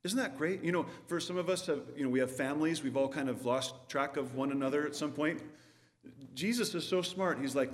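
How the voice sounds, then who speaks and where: A man's voice: on the high side, brisk. Man preaching in a reverberant hall. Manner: conversational, asks the audience questions. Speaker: pastor. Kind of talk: sermon.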